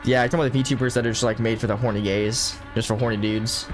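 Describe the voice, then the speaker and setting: Over music, a young American man speaks in a steady, mid-range voice at a quick pace. Streaming a horror game, he reads game text out loud and chats loosely with his viewers, drawling, swearing, and joking with chat.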